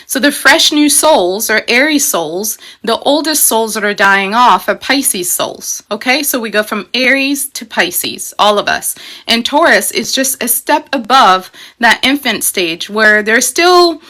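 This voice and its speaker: A woman's voice: a little high, lively intonation, a little slow, pushed and bright. A woman hosting a casual astrology talk, explaining in a chatty, emphatic way with frequent "you know" and "okay?". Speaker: astrology host.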